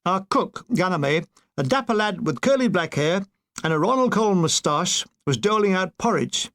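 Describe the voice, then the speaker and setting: A man's voice: high-pitched, lively intonation, moderate pace, fairly bright tone. Older man reading his own memoir. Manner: dry comic delivery with brief put-on voices. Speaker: author narrating his own war memoir. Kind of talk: audiobook narration.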